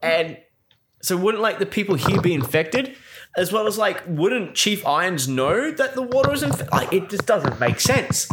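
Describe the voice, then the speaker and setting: A man's voice: high-pitched, animated, normal speed, noisy background. A man in a casual, exasperated movie recap rant, swearing a lot and saying "like" constantly. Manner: exasperated, profane, full of filler likes.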